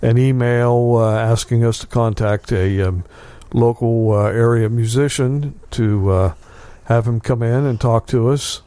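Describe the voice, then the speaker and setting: A man hosting a casual local radio show from a small studio, talking in a halting way full of fillers. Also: mid-range voice, fairly even intonation, dark tone, smooth, no room sound. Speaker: radio host.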